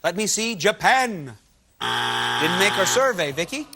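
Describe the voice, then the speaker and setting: A man's voice: high voice, very animated, measured pace, gravelly. A man hosting a game show, joking and teasing contestants. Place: television studio with audience. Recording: loud studio audience and noise.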